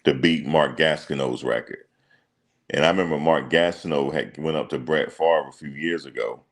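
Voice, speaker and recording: Very deep gravelly-voiced man chatting. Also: normal speed. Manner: relaxed slangy banter, thinks aloud with ums. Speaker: reaction streamer. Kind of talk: casual chat reading viewer comments.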